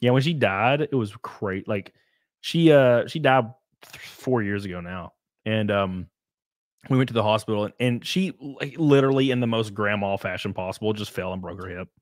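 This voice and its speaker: A young man with a fairly low voice tells long, rambling stories in a loose, casual way, and the recording is dry and close. He swears freely and breaks into laughter often. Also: normal speed, no echo. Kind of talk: casual storytelling.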